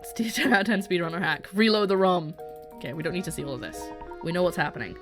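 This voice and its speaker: Giving chatty, casual commentary as she plays a game, this young woman streamer giggles often and keeps cutting herself off mid-sentence. Her voice is lowish and quick, with music playing in the background.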